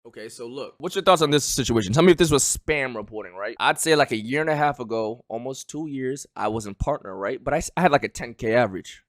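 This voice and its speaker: A young man streaming live, talking in an animated, loud way and swearing a lot as he argues his point. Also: medium pitch, quick pace, few pauses. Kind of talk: heated casual chat on a live stream.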